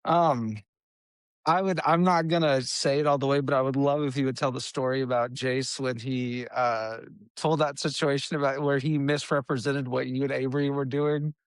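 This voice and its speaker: A man's voice: mid-range voice, fairly even intonation, moderate pace, clear, resonant tone, dry recording. A middle-aged man hosting a podcast, chatting casually and rambling with lots of restarts. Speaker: podcast host. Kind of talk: casual chat.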